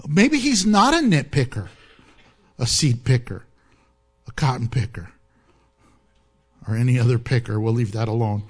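A man preaching a sermon, animated and joking, often laughing at his own asides. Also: high-pitched. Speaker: pastor.

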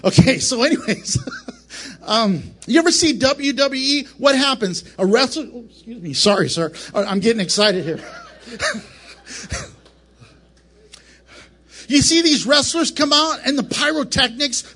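Animated, high-pitched preacher man. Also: measured pace, pauses often, slightly rough. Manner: animated, joking, self-interrupting. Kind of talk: casual Bible teaching to camera. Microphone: camera mic up close.

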